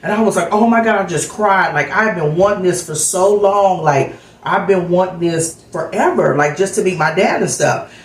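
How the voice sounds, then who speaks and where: A woman's voice: lowish voice, moderate pace. Candid middle-aged woman in a roomy space. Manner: candid, chatty storyteller. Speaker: vlogger. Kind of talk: casual chat vlog.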